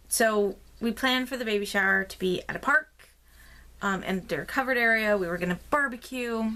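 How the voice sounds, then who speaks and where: A woman talking straight to her viewers in a relaxed, rambling vlog. Her voice sits at a middle pitch, and she fills the gaps with plenty of ums as she tells her story. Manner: chatty storytelling with many fillers; rambling and expressive. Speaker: craft vlogger. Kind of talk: casual chat.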